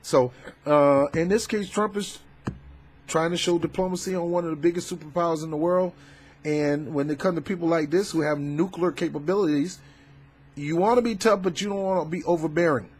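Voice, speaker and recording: A man doing a casual political commentary vlog, talking in a fervent, preachy, colloquial way with loud emphatic outbursts. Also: a little high, fairly quick, husky. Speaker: YouTube commentator.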